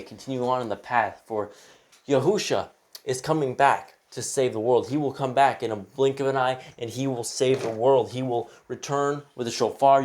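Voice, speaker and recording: A man's voice: medium pitch, a little mellow. Male preacher, mid-range voice, casual earnest scripture commentary, exhorting listeners. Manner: reads verses aloud then explains them, often adding "right?". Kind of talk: informal scripture reading and sermon.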